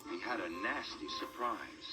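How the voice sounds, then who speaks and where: A man narrating a children's train story with an expressive reading. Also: fairly low pitch, unhurried. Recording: music bed behind the voice.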